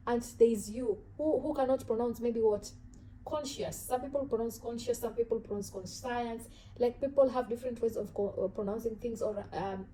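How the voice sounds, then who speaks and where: A woman with an African accent talks straight to her viewers in a relaxed vlog. Her voice sits a little high and sounds mellow and soft. She speaks earnestly and thinks aloud, often restarting and repeating words. A faint hum stays in the background. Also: poor audio. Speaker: vlogger. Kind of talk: casual talk to camera about self-growth.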